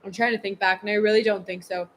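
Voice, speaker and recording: A woman co-hosting a travel vlog, chatting casually in a relaxed, matter-of-fact way. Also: mid-range voice, fast talker, a little hiss or hum. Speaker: vlog co-host. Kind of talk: casual chat.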